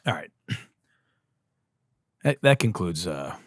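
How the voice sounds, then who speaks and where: Hoarse ranting comedy host, wildly animated. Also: male voice, moderate pace, very noisy. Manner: swings from loud yelling to low mutters, swears. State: losing his voice. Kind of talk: ranting satirical commentary.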